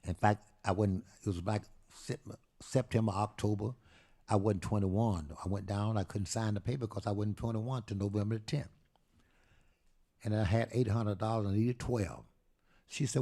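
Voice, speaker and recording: A man in his eighties telling a lively story at a live talk event, acting out the people he quotes. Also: fairly low pitch, moderate pace. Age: 80s. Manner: animated storyteller, acts out quoted voices. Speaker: guest storyteller.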